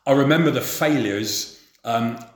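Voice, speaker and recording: A middle-aged man from England telling memories of his youth in an unhurried, plain-spoken way. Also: mid-range voice. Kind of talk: spoken memoir. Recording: roomy echo.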